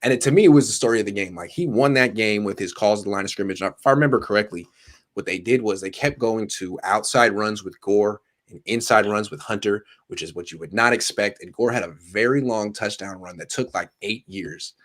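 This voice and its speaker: Low-voiced man talking football. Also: a little fast. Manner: animated, storytelling, lots of restarts. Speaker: sports podcast host. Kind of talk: casual sports talk.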